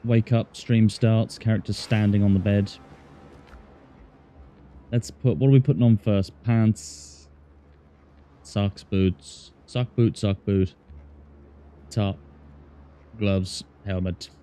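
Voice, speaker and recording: A man's voice: on the low side, steady tone, slow pace, long pauses, warm tone. Chatty man streaming a game. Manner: chatty, jokey, talks to himself while playing. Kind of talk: casual gaming livestream chat.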